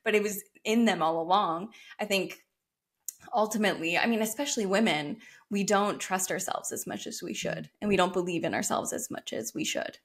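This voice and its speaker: A woman speaks as a guest on a podcast, in the thoughtful way a coach talks. Her voice has a middle pitch. She sounds encouraging and reflective, and she laughs easily as the chat goes on. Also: fairly quick. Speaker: guest, brand strategist and coach. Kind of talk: casual interview chat.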